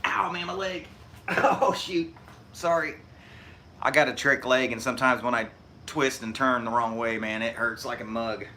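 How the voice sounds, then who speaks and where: A middle-aged man from Indiana talks in a rambling, folksy way with a thick Hoosier accent. He chats casually to his live-stream viewers while he works. His voice is bright and forceful, with a faint hum of noise behind him. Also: mid-range voice, moderate pace. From Indiana, USA. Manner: folksy, rambling, chuckles often.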